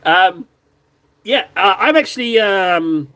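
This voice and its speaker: Animated southern English man chatting. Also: high voice, takes it slowly. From southwest England. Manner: excitable, chatty, self-interrupting. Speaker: live-stream host painting miniatures. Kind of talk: casual live-stream chat.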